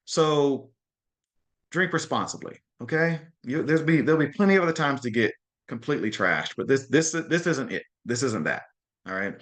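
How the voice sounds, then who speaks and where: A man's voice: medium pitch, lively intonation, moderate pace, a bit bright. A man hosting a group video call, giving a casual talk and often checking in with his listeners. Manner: chatty, keeps checking in with "okay?" and "right?"; frequent restarts and repeated words. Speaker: host of a mastermind call.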